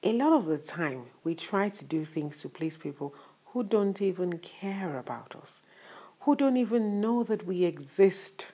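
A woman's voice: lowish voice, expressive, a little slow, mellow, breathy edge. A woman preaching a morning sermon in a conversational way, full of rhetorical questions. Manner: conversational, asks rhetorical questions, laughs at times.

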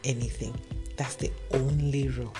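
A man's voice: medium pitch, fairly even intonation, normal speed. A man telling a cautionary story and turning it into an earnest lesson, speaking directly to his listeners. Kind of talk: moral storytelling monologue. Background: music playing underneath.

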